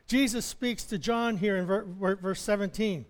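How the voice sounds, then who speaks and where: Chuckling high-voiced male preacher, reverberant hall. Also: steady tone, a little slow. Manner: conversational, chuckles often, stammers and restarts. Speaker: chaplain and preacher. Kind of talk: sermon with personal stories.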